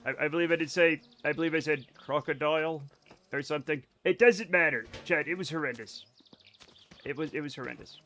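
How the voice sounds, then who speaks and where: A man streaming a game live, chatting casually to his viewers in a rambling, self-mocking way with sudden excited outbursts. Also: on the high side, a little fast. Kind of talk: casual gameplay commentary to chat.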